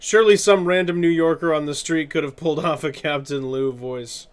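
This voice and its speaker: A man's voice: on the high side, fairly even intonation, brisk, clear, resonant tone. A man streaming live, chatting casually in a rambling way, laughing often and correcting himself. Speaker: streamer and artist.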